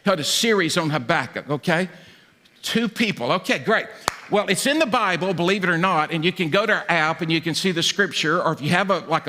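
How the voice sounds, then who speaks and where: Man, pastor, conversational sermon, acts out quotes, high forceful voice, long hall reverb. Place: church stage.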